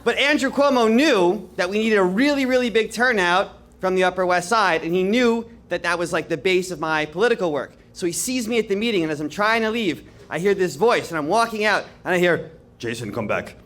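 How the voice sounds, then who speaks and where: Man, high voice, chatty guest speaker, laughs at his own stories. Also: fairly quick, hardly any pauses, fairly bright tone. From New York. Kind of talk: storytelling talk to an audience.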